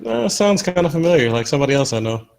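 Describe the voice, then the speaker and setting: A man co-hosting a casual podcast, cracking quick jokes and giggling. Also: on the high side, sing-song, creaky, darkish tone. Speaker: podcast co-host.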